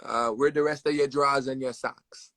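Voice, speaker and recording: A man's voice: mid-range voice, fairly even intonation, moderate pace, sharp tone, no echo. A man voicing his aunt who bluntly asks about his missing laundry. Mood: scolding. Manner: matter-of-fact scolding. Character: blunt, caring middle-aged aunt.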